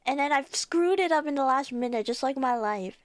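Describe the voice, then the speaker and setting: A young woman streaming live, chatting casually with her viewers in a bubbly, giggly way, often squealing with excitement. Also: high-pitched, brisk, no room sound.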